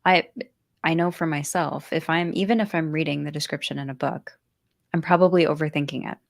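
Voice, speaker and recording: Low-voiced woman hosting a chat. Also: fairly even intonation, fairly quick, gravelly, dry recording, studio quality. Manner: chatty, encouraging, laughs along. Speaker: interview host. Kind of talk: casual interview talk.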